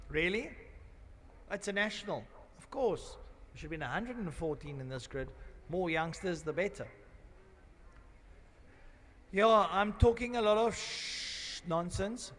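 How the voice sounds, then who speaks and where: A man doing live trackside commentary at an outdoor race circuit. He rambles and jokes, then switches to loud announcing for the grid. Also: high voice, lively intonation, a little slow, long pauses, a little hiss or hum.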